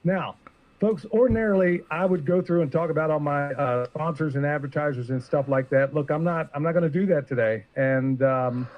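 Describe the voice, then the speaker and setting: A man hosts a live stream, opening with an earnest, rambling introduction that edges toward being choked up. His voice sits a little high for a man. The sound is muffled and lo-fi. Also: normal speed. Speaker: podcast host.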